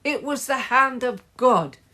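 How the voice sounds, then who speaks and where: A woman reading a storybook aloud, voicing a cheeky, scheming schoolboy who hates to lose, shrill and whiny. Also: slow pace. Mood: triumphant.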